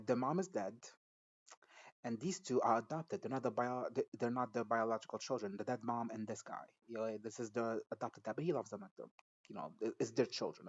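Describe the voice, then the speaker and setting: A man's voice: fairly low pitch, dull audio. A man giving a casual recap and reaction to a TV episode, chatty, gossipy and profane, laughing often. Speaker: show reviewer.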